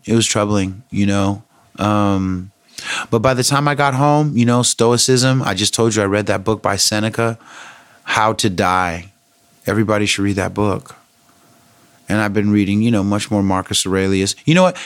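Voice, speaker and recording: A man's voice: on the low side, dry recording. A middle-aged man vlogging, telling a personal story in a candid, conversational and thoughtful way.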